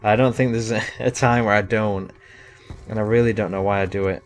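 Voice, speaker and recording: Low-voiced young man rambling over gameplay. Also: fairly even intonation, fairly quick, a little hiss or hum. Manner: casual, rambling, self-deprecating with laughs. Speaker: gaming commentator. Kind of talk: live gameplay commentary.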